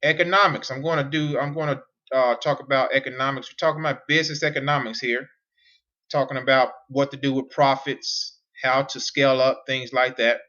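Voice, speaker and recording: Man, bright forceful voice, emphatic and repetitive, whiteboard lesson, dull lo-fi sound. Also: medium pitch, steady tone, brisk. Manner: repetitive, emphatic, asks rhetorical questions. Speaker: online business coach. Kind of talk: whiteboard teaching monologue.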